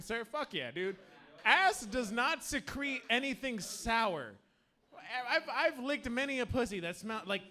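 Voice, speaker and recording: A slightly drunk man rambles through a crude open-mic stand-up set, stumbling over his words and restarting sentences. His voice sits a bit high for a man. It sounds like a handheld stage mic in a small bar room. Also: sharp tone. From United States. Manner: crude, rambling, self-interrupting. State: tipsy. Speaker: stand-up comedian.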